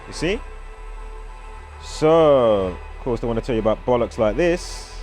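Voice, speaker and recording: A man's voice: medium pitch, expressive, measured pace, pauses often, darkish tone, soft background music. A man with a British accent, rambling through a casual vlog commentary and reeling off strings of numbers. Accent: British English. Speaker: vlogger.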